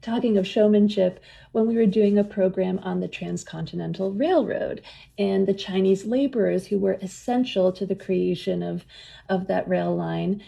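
A woman's voice: medium pitch, fairly even intonation, moderate pace, creaky, dark tone, breathy edge, lo-fi sound. A woman telling enthusiastic stories as an interview guest, often laughing as she talks. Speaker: museum program leader and guest. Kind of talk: conversational interview storytelling.

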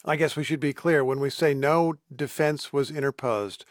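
A man hosting a radio news interview, asking crisp, probing questions and spelling out what the answers mean. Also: on the high side, fairly even intonation, moderate pace, dry recording, studio quality.

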